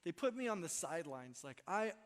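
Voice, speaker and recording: Man preaching, high voice, chatty and self-mocking, church with long echo. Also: very animated, fairly quick. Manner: conversational, self-deprecating, keeps asking "right?". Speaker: pastor. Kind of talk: Christmas Eve sermon. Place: church sanctuary. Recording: long hall reverb.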